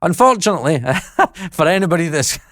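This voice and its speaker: A man's voice: on the high side, animated, fairly quick, fairly bright tone, no room sound, studio quality. A Scottish man in his thirties rambling self-deprecatingly in a casual vlog, laughing often. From Scotland. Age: 30s. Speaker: YouTuber and mixing engineer.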